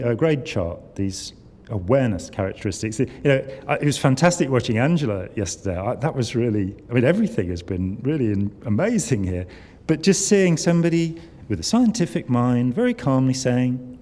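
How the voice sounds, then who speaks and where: A man's voice: medium pitch, big pitch swings, normal speed, darkish tone. An older man giving a conversational talk at a conference, wry and full of asides. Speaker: conference speaker. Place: conference hall. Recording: long hall reverb.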